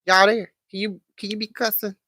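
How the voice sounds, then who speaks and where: A woman's voice: mid-range voice, little pitch movement, fairly quick, sharp tone, no room sound, clean studio sound. A woman hosting a casual live stream, chatting straight to her viewers and laughing often. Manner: laughs often, talks to chat directly. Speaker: livestream host.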